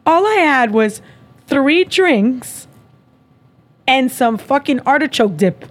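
Profane, animated woman telling dating stories. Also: sits high, slow pace, long pauses. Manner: animated, profane, acts out dialogue. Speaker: podcast host. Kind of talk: casual storytelling chat.

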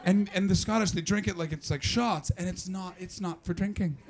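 A man from Canada doing stand-up crowd work on a club stage, brash and profane, mocking the audience with quick banter. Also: sits high. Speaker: stand-up comedian. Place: comedy club stage before a live audience. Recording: live club with loud crowd. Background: audience laughter.

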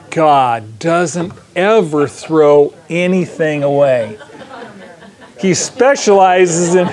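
A pastor with a notably high voice preaches to his congregation. He reads scripture, then slips into relaxed, joking asides and questions for the crowd. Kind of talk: sermon.

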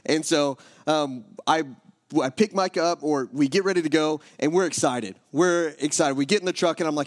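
A man's voice: on the high side, moderate pace. A man in his thirties preaching, praying and then telling a joking personal story with many restarts. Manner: joking, self-interrupting storyteller. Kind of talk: sermon with prayer and personal story.

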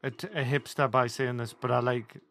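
A man's voice: mid-range voice, steady tone, brisk, a bit bright. A man co-hosting a podcast in casual chat, asking pointed questions with dry, sweary remarks. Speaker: podcast co-host.

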